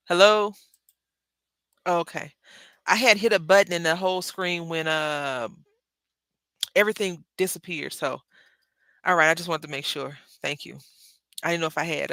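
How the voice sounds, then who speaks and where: Woman host, bright forward voice, chatty and rambling, casual craft livestream. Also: deep voice, dry recording. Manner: chatty, rambling, self-correcting, addresses viewers as y'all.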